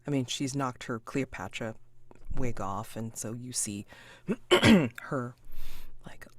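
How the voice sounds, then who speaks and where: A woman narrating a tabletop mystery game as its game master, in a relaxed, chatty way with frequent fillers. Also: extremely low pitch.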